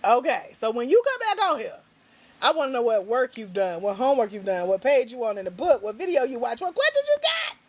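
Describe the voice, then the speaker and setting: A middle-aged woman hosting a casual livestream, a grant coach who chats with viewers in a teasing, slangy, relaxed way while walking around at home, a little tired. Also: fairly high pitch, fairly quick. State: tired, low energy.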